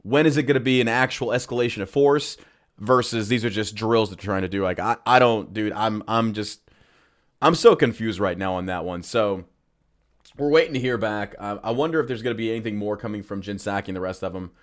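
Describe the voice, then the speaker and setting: A man's voice: lowish voice, brisk. A man hosting a podcast and commenting on a live event as he watches, swearing often and reacting with disbelief and mockery. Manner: profane, incredulous, mocking.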